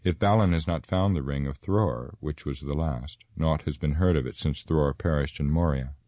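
A man voicing a proud, gruff dwarf who speaks bluntly and urgently. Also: very deep voice, moderate pace, dark tone, dry recording.

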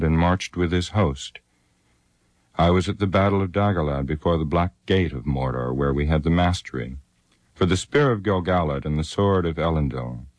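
A man reads an ancient elf lord full of old sorrow and wisdom. The voice sits extremely low and speaks gravely and solemnly, close and dry with no room sound. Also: darkish tone, no room sound.

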